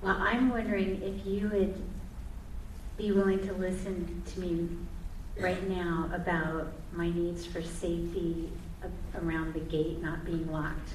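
Slow, hesitant female participant with a lowish voice, echoey room, clear background noise. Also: little pitch movement, far from the mic. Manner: hesitant, halting. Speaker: workshop participant. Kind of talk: role-play practice in a workshop.

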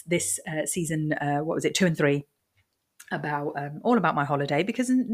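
A woman hosting her own podcast in a chatty, rambling way, talking fast with lots of fillers and restarts. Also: low voice. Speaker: podcast host. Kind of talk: casual solo podcast talk.

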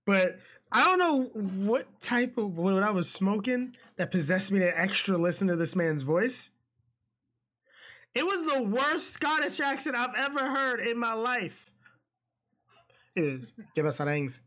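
A man co-hosting a casual podcast chat, animated and joking, often laughing at his own complaints. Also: high voice, unhurried.

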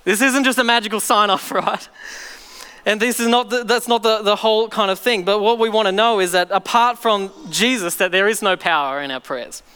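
A man's voice: sits high, a little fast, bright, forceful tone, clean tone, in a large hall. A man preaching a sermon to his church, telling stories animatedly and acting out voices. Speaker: pastor.

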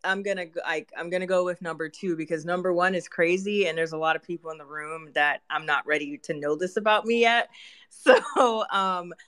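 Artist guest, candid and expressive, quick to laugh, mid-range voice. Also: mid-range voice, clear, resonant tone. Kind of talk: casual interview chat.

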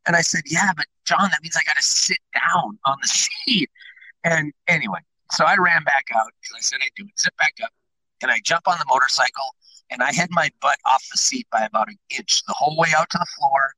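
Lively, bright, husky-voiced man. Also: a little high, brisk, no echo, poor audio. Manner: animated, laughing, acts out quotes. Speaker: former sports mascot. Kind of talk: casual storytelling chat.

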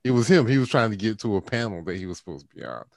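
A man with a lowish voice telling convention anecdotes on a podcast. His delivery is animated, and he acts out his own reactions. The sound is close and dry. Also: racing, creaky, no echo. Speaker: podcast co-host. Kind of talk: casual chat.

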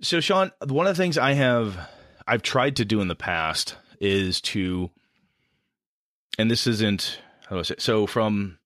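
A man with a Midwestern American accent, a podcast host and game master, chats casually about running tabletop games, rambling, restarting sentences, and laughing often. His voice is lowish, expressive, unhurried, and a bit bright. The recording is clean studio sound with no room echo.

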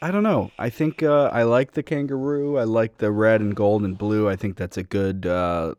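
A young man with a lowish voice chats loosely as a co-host, rambling through his thoughts with plenty of ums and restarts. The recording is close and dry, with no room sound. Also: normal speed, a little mellow, dry recording. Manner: rambling, hesitant, lots of fillers. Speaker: podcast co-host. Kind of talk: casual chat.

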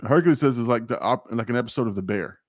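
A male host chatting casually on a live stream, reading viewer comments aloud and reacting to them. His voice sits at a middle pitch. The recording is dry and close. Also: quick pace, dry recording.

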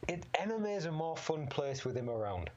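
A man's voice: fairly high pitch, very animated, fairly quick, darkish tone. A man talking casually about fighting, rambling, swearing freely and laughing often. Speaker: amateur MMA fighter guest. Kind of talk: casual chat. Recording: slightly dull lo-fi sound.

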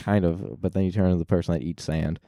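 A man's voice: low voice, steady tone, fast, creaky, mellow, no echo, studio quality. A young man co-hosting a podcast, chatting casually, swearing and joking. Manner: profane, joking, slips into silly voices. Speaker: podcast co-host. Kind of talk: casual chat.

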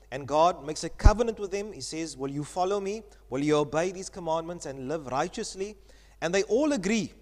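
A man's voice: high voice, a little mellow. A male pastor preaching a sermon, reading scripture and asking the congregation questions as he teaches. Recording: church hall reverb.

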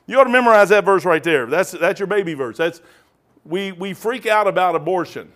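A man, a pastor teaching a casual Bible study in a folksy storytelling way. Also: a little high. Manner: folksy storytelling, acts out quoted dialogue.

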